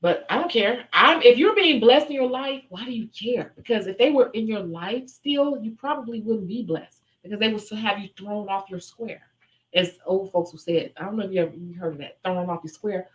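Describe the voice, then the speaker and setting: A woman's voice: mid-range voice, moderate pace, dull audio. A young adult woman hosting a live question-and-answer stream, talking casually and candidly and acting out other voices when she retells stories. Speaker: livestream host answering viewer questions.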